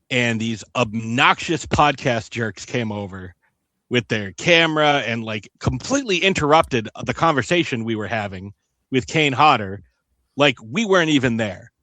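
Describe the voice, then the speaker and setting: Male podcast guest, bright, slightly high voice, dry close sound, animated anecdotes. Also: dry recording. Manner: animated anecdote teller, acts out quotes. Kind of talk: casual storytelling.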